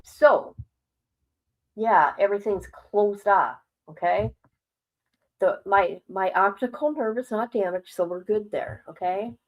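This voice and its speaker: A woman's voice: medium pitch, takes it slowly, rough recording. An older woman streamer chatting casually and candidly, rambling, swearing freely, and worried while laughing her troubles off. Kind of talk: casual livestream chat.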